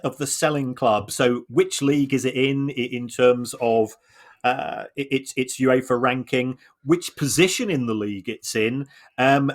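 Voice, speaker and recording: Halting, explanatory male podcast host. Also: mid-range voice. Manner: halting, frequent restarts and repeated words; measured, explanatory. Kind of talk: conversational analysis.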